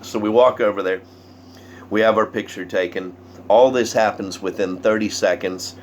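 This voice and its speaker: A man's voice: lowish voice, normal speed, slight background noise. A man telling a personal story, acting out the quotes and dropping to whispers. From Southern United States. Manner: animated, acts out quotes, drops to whispers. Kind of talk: spoken story performance.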